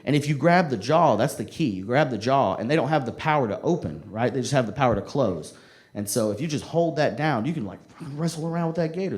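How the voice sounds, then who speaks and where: A young man doing animated, profane stand-up storytelling into a handheld stage mic at a live comedy club, in a noisy recording. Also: mid-range voice. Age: young adult.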